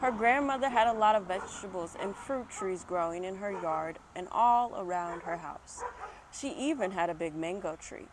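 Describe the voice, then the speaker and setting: Reading a picture book aloud at home, this woman speaks at a medium pitch and moderate pace, breaking off for chatty comments and laughs at her own expense. She's using an external microphone, with background noise and barking dogs.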